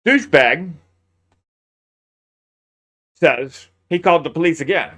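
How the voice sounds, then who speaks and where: A man's voice: fairly high pitch, lively intonation, slow pace, bright, forceful tone. A man giving sarcastic, incredulous commentary on a crime case, talking close to a mic. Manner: sarcastic, incredulous, laughs often. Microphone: close mic, peaking.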